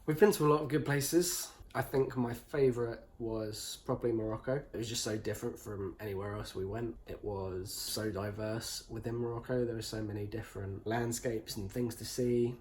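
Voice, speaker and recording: A man's voice: fairly low pitch, steady tone, normal speed, hardly any pauses, darkish tone, slight background noise. A young man with an English accent, chatting casually and joking dryly as he answers questions about himself. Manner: dry, joking and teasing. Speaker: interviewee, husband. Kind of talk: casual chat.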